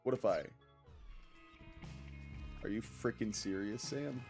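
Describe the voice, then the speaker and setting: Low-voiced guy streaming a game, rambling and joking at chat, faint music behind. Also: slow. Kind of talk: casual gameplay commentary.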